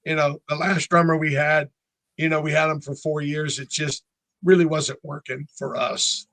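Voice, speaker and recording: A talkative man in his sixties from North Carolina with a notably high speaking voice, chatting casually as an interview guest. He spins stories and slips into the voices of the people in them. The sound is close and dry, with no room around it. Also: little pitch movement, moderate pace, fairly bright tone, no echo. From North Carolina, USA. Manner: chatty storyteller, acts out other people's lines. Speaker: band frontman, interview guest.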